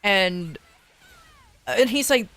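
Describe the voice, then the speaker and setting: Streamer woman, casual storyteller, lively swooping delivery, frequent restarts, dry sound. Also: mid-range voice, drawn-out words, no room sound. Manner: rambling, animated, swearing, many restarts.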